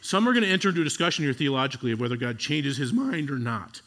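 A male pastor preaching a sermon in a conversational, animated way, swinging from loud bursts to hushed, slow passages. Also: mid-range voice.

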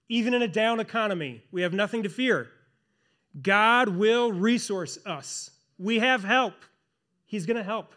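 A man preaches with earnest emphasis, drawing out key phrases by slowing his pace. He is a pastor and church elder, and his high voice carries a fairly bright tone.

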